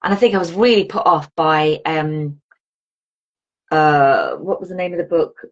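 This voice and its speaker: Animated woman telling a story. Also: low-pitched, a little slow, highs cut off. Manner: animated, acts out her own reactions in quotes. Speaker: podcast guest. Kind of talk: casual chat.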